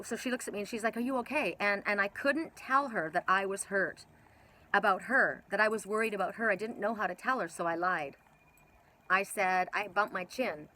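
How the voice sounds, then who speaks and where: A woman's voice: medium pitch, pushed and bright, a little hiss or hum, poor audio. A woman doing a casual oracle card reading outdoors, rambling through personal stories with many fillers. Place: outdoors with birds nearby.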